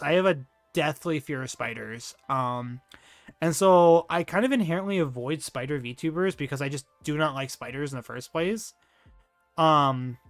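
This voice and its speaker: A man with a fairly high, slightly bright voice chats casually on a livestream, recorded with no echo. He rambles and gushes, full of fillers and restarts, and his slangy manner has him tossing out "dude" and "bro." He's a streamer.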